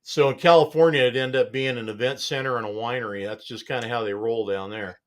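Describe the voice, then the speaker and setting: A man's voice: mid-range voice, fairly even intonation, fast talker. A man hosting a casual studio chat show, talking in a rambling, laid-back way and chuckling often. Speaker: show host.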